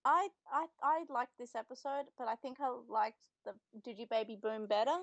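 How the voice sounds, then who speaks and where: A woman's voice: fairly high pitch, moderate pace, no room sound, dull audio. A young woman co-hosting a podcast in casual chat, retelling scenes and quoting lines. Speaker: podcast co-host.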